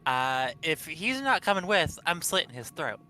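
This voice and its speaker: A man's voice: on the high side, sing-song, normal speed, bright, forceful tone, soft background music. A man voicing a blunt, distrustful female mercenary in a tabletop game, talking matter-of-factly.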